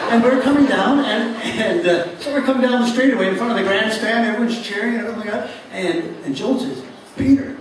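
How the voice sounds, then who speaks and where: A man's voice: high voice, noisy background. An older man, telling a rambling, humorous story as a speaker at a tribute dinner in a large hall. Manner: rambling storyteller with frequent uhs and restarts. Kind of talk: humorous anecdote speech. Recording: echoey hall, mic from a distance.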